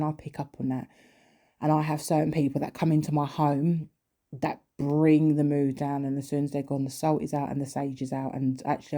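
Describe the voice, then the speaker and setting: Sarcastic vlogger with a mellow voice. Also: mid-range voice. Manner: sarcastic, exasperated; mimics others in quoted asides. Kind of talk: casual countdown rant.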